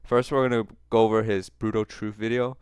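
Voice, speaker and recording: Casting: male commentary host, smooth and crisp, close dry sound, teasing, laughs a lot. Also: lowish voice, little pitch movement, brisk, darkish tone, no echo. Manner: mocking, laughs often, repeats phrases for effect. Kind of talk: reaction commentary.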